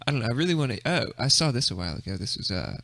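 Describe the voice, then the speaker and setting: Man, Southern American accent, casual podcast chat, laid-back, lively pitch, gravelly. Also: racing, no room sound. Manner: laid-back, laughs often, trails off. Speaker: podcast co-host.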